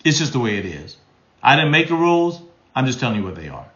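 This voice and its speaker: A man's voice: medium pitch, sing-song, fast, fairly bright tone, reverberant, highs cut off. A man in his sixties, a marriage counselor answering live questions in a folksy, emphatic way. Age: 60s. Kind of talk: live stream Q&A.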